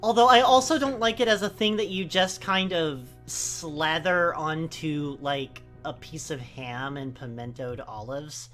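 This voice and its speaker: A woman from the US West Coast co-hosting a game playthrough, rambling in casual, animated commentary with sudden high exclamations. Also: unhurried, hardly any pauses, faint music behind.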